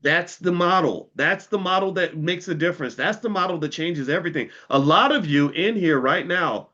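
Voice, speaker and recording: A middle-aged man delivers a livestreamed finance talk in a bright, forceful voice. He preaches and repeats his points, sometimes heated and profane. The sound is dull and lo-fi. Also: a little high, normal speed. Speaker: finance educator.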